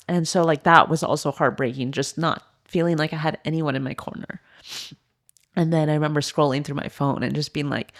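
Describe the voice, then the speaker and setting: Woman, thirties, low register; podcast guest, candid storyteller, loose and earnest with lots of "like". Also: steady tone, a little fast. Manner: earnest, heavy use of "like" fillers. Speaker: podcast guest, former elite swimmer and coach.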